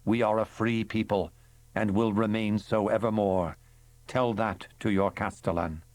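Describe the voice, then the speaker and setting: A man's voice: on the low side, steady tone, unhurried, darkish tone, lightly acted. A man voicing a proud male chancellor who speaks firmly and defiantly. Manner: firm, defiant.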